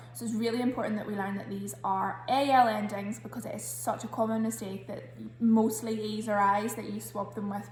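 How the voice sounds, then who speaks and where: A Scottish-accented primary school teacher records a spelling lesson for children, patiently explaining each word and pronouncing every sound slowly and carefully. Her voice is mid-range, and the sound is roomy.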